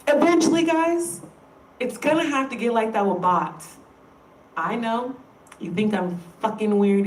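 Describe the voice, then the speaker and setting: A woman's voice: mid-range voice, vocal fry, far from the mic, slight background noise. A woman in a casual, rambling monologue, emphatic and profane. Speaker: vlogger. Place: room in an indoor workplace building. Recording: echoey room, voice away from mic.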